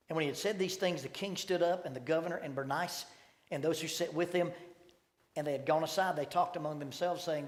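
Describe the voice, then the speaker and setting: Middle-aged man, preacher, fairly high voice, long church reverb. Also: steady tone, a little fast. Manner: storytelling, acting out quoted voices with sudden loud bursts. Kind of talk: sermon. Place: church sanctuary.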